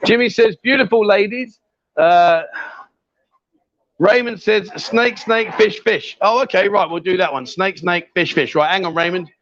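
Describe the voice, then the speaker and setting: A man's voice: high-pitched, unhurried, a bit bright. A man hosting a live stream from a bar, chatty and teasing, calling people sweetheart. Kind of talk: lively live-stream banter. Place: bar with a pool table. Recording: dull lo-fi stream audio.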